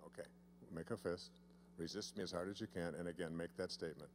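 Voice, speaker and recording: Speaking steadily in a low register, this man teases a volunteer during a seminar demonstration, lingering on key words for playful emphasis. A live audience fills the room, and the handheld mic in the volunteer's hand catches slight background noise.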